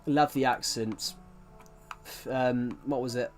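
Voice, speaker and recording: Rambling streamer, young man with an English-Welsh lilt, mid-pitched, faint music underneath. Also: steady tone, takes it slowly. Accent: mixed English and Welsh. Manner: rambling, restarts sentences, chats with viewers. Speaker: livestreamer reading chat. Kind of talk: casual live-stream chat.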